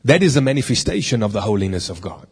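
A man's voice: lowish voice, big pitch swings, fast talker, slightly rough. A man preaching a sermon in a conversational way, with rhetorical questions and stories from his meetings.

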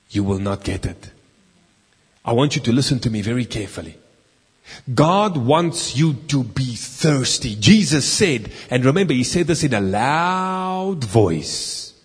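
A man preaching a sermon, swinging from loud, emphatic lines to slow, quiet, drawn-out words. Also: medium pitch. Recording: husky voice in a hall with long reverb.

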